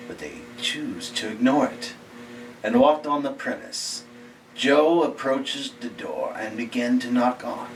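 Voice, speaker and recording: A man reads a Halloween horror tale at an unhurried, deliberate crawl, his voice sinking into breathy near-whispers at the tense moments. He sounds set back from the microphone, with a faint hiss underneath. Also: mid-range voice. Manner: slow and halting, dropping to hushed near-whispers. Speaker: storyteller. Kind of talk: reading a scary short story aloud. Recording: distant mic with faint background hiss.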